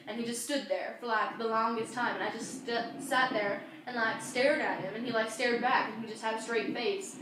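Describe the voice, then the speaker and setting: A woman's voice: a little high, fairly even intonation, normal speed. Young woman, casual storyteller, filler-heavy rambler; distant, roomy, faint hiss. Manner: rambling, lots of fillers and restarts. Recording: very echoey room, far from mic, faint noise.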